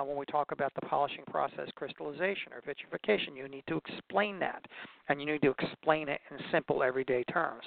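Male host, fairly high, gravelly voice, rambling storyteller, tinny dry recording. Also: no echo. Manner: folksy, storytelling, many restarts. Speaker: host, expert witness. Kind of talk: casual instructional talk. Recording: dry, tinny phone-like sound.

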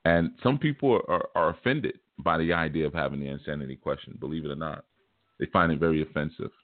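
A man's voice: very deep voice, quick pace, no room sound. A man hosting a spiritual teaching show, talking in a casual, laid-back, streetwise way and often repeating his phrases. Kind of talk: casual livestream talk. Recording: tinny phone-like dry sound.

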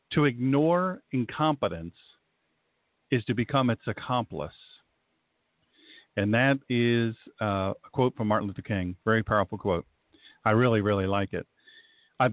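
Casual radio talk comes from a pastor and talk show host with a Southern accent, who covers faith and politics in a folksy, rambling, worked-up manner. His voice is fairly low-pitched with no echo, carried over tinny, dry phone-line audio.

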